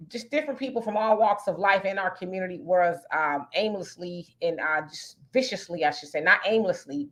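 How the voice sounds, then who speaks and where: A woman's voice: medium pitch, a bit bright. A middle-aged woman hosting a casual live-streamed talk show, chatting conversationally and reading viewer comments aloud. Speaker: host.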